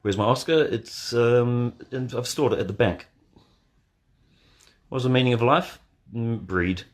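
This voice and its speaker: A man hosting a casual live watch party from bed, answering chat questions in a deadpan, joking way. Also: mid-range voice, a little slow. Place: in bed at home. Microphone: phone.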